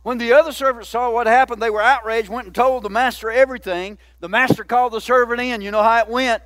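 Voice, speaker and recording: A man's voice: extremely high pitch, steady tone, fast, fairly bright tone, no echo. A man, a pastor, preaching a sermon in a folksy, conversational way with many asides to the church.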